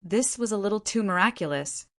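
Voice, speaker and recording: A woman narrating a fantasy audiobook in a steady, even reading voice. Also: mid-range voice, a little fast. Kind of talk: scripted narration.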